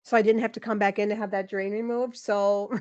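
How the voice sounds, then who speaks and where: A woman in her forties, a podcast guest, telling a personal story in an animated, emotional way, with lots of "like" and some laughter. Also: mid-range voice, a little fast, muffled recording. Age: 40s. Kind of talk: candid interview storytelling.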